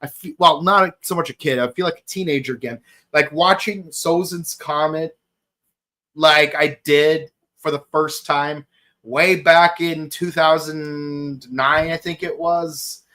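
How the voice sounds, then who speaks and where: A man in his thirties hosting a podcast, gushing through an excited solo review with many fillers and exclamations. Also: on the high side, measured pace. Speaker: podcast host reviewing an episode.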